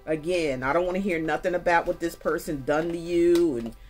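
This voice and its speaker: Woman, low register, tarot reader; casual, folksy, direct to viewers, faint music underneath. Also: fairly quick. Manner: chatty, folksy, talks straight to viewers with y'all. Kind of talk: casual spoken tarot reading.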